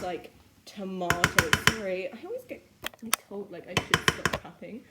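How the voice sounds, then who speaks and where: A woman's voice: mid-range voice, fairly even intonation, moderate pace, heavy background noise. A young British woman chatting casually while she cooks, rambling and giggling as she goes. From Britain. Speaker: vlogger. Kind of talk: casual cooking vlog chat. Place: home kitchen.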